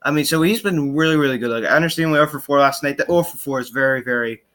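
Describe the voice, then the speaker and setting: Young man, sports podcast host, casual rant, sharp bright tone, frustrated, sarcastic, halting restarts. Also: fairly high pitch. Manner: animated, frustrated, sarcastic asides, many fillers and restarts.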